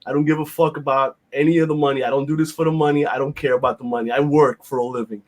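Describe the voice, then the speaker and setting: A man's voice: mid-range voice, steady tone, quick pace. A man, hosting a casual podcast chat in a blunt, rambling, profane way with lots of fillers. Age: 50s. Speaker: podcast host.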